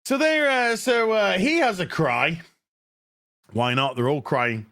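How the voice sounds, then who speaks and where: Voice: mid-range voice, takes it slowly, a bit bright. A show reviewer on a sarcastic, profane rant, exasperated and mocking. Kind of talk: ranting review.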